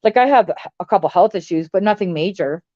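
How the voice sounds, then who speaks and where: A woman's voice: mid-range voice, animated, fairly quick, dark tone, dry recording, highs cut off. A woman from Canada ranting casually to her livestream chat, blunt and profane, rambling with lots of filler words. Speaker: livestream host.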